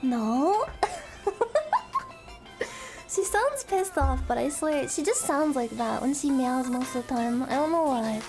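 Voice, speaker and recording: A woman streamer with a very high voice that leaps up and down, talking slowly in excitable, giggly chat. She swears freely as she plays at her desk at home. Faint game music plays behind her. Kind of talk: casual live-stream gameplay chat.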